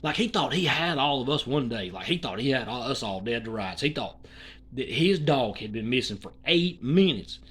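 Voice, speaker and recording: A YouTuber, rambling through an indignant opinion commentary and swinging between loud and hushed talk. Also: mid-range voice, expressive, normal speed, husky.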